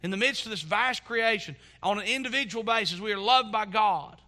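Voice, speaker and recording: A man preaching a sermon in a church as pastor, earnest and building to fervent emphasis, then dropping to soft asides. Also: high-pitched, fairly quick.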